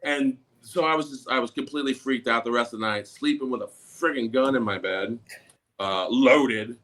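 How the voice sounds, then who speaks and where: Animated middle-aged man telling a story. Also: mid-range voice, moderate pace. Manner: animated, acts out quotes in a raised, shouting voice. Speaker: podcast co-host. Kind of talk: casual storytelling.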